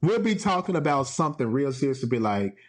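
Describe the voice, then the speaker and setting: A man's voice: mid-range voice, big pitch swings, fast. A man hosting a casual solo podcast from home, playful and laughing often as he talks. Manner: playful, laughs often, quotes TV clips in put-on voices. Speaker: podcast host.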